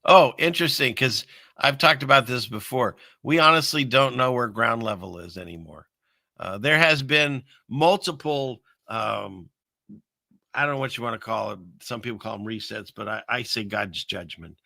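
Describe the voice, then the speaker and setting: Male livestream host, very bright tense tone, dry close sound, rambling chat with chuckles and filler words. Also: mid-range voice, normal speed, gravelly, dry recording. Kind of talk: casual rambling livestream commentary. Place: home setup in the Seattle area.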